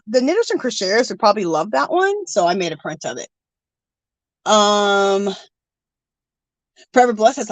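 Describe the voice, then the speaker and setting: A middle-aged woman hosts a live art stream from home in an animated, sing-song voice that rises high. She reads viewer comments aloud in a chatty, gushing way and sounds teary. The sound is close and dry. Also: dry recording. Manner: warm, gushing, emotional, scattered. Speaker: art livestream host. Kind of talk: casual livestream chat reading comments.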